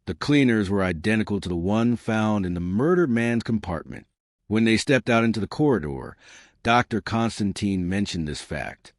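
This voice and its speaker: A man narrating an audiobook in a measured reading style. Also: on the low side, expressive, no echo, studio quality. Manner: measured reading, giving characters their own voices. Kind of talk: scripted narration.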